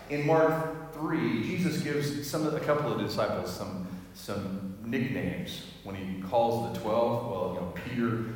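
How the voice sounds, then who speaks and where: A male pastor delivers a sermon, bringing the story to life with animated, acted-out voices. He sounds a little distant from the mic, and his words ring through a big, echoing hall. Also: on the low side. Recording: echoey hall, heard from a distance.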